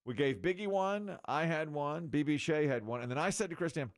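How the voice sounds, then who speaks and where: Guy hosting a radio morning show, rambling stories, lively sing-songy pitch, keeps cracking himself up. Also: moderate pace, few pauses. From North Carolina, USA. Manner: rambling storyteller, laughs often at himself. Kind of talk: casual on-air banter. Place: radio studio.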